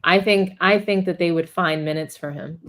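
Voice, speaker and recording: A woman with a somewhat low voice talks on a casual sports panel. She tells stories with animation and retells what players said. Her tone stays conversational throughout. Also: normal speed. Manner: animated storyteller, retells quotes.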